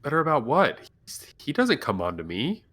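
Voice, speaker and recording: A man at a streamed tabletop game talks in an awkward, jokey way. His pitch swings widely, and he often stumbles and restarts. It sounds like casual play among friends. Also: wildly swooping pitch, normal speed, a bit bright. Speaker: player.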